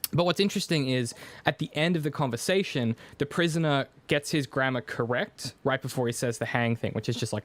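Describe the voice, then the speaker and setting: A man at a middle pitch who talks through ideas analytically, pausing and restarting as he works out a point. The recording is dry, with no room sound at all. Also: no room sound. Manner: thoughtful, hesitant restarts, academic phrasing. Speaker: podcast co-host. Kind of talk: analytical casual discussion.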